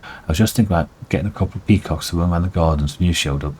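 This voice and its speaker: Boastful rogue, cocky and talkative, read by a man with a low voice. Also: very fast, darkish tone, slightly rough. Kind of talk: reading game dialogue aloud.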